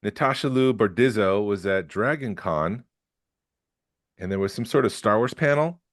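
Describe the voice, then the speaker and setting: A man co-hosting a podcast, running through news items in relaxed casual chat with jokes along the way. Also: on the low side, normal speed, no room sound, studio quality. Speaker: podcast co-host.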